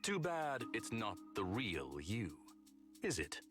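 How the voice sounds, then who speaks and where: Brief: a sly corporate antagonist in a game, deep-ish and taunting, score playing under the lines. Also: male voice, wildly swooping pitch, slow, heavily acted. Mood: menacing. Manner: menacing, mocking. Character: cold scheming corporate man exposing a spy. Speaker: game character. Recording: game audio under music.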